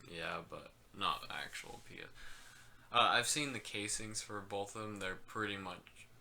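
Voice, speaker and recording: A man's voice: on the low side, a little slow, sharp tone, slight background noise. A man co-hosting a casual gaming podcast, hedging and trailing off into "like" and "I don't know.". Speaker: podcast co-host.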